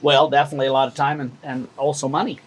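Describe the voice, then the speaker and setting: A middle-aged man, a realtor and auctioneer answering interview questions in a measured, folksy way with many fillers. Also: mid-range voice, little pitch movement, a little hiss or hum.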